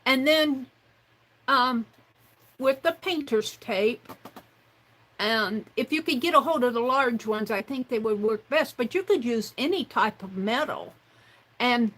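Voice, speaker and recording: A woman with a slightly high voice talks through a craft project very slowly, musing aloud as she goes. She hosts her own livestream and chats to herself in the third person, unhurried and absorbed in her work. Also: expressive, fairly bright tone, low-quality recording. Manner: unhurried, musing aloud while working with hands. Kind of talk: casual craft demonstration.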